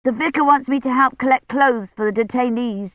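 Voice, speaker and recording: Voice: high-pitched, a little fast, no echo, phone-quality sound, pitched above the performer's own voice, close to an everyday voice. A narrator voicing an offhand, terse boy talking through a mouthful of toast in an audiobook.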